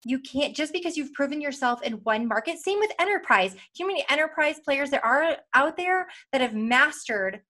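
A woman's voice: sits high, expressive, brisk, hardly any pauses, bright, forceful tone. A woman speaking as a podcast guest, an emphatic executive who repeats phrases for effect and often says "like". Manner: uses "like" as a filler. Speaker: sales consultancy CEO, guest. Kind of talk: energetic business podcast talk.

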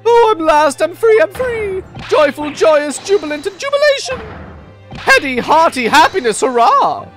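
A woman voicing an excitable Japanese man, a visiting scholar who gushes in alliteration. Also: sits high, normal speed, soft background music, voice pushed up, heavily acted. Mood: elated. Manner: gushing, loves alliteration.

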